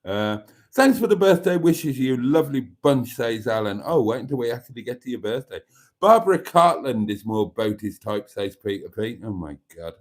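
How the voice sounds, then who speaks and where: A man's voice: medium pitch, lively intonation, moderate pace. Wry man hosting a live chat. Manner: wry, self-mocking asides. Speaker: channel host. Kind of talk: live stream chat, reading viewer comments.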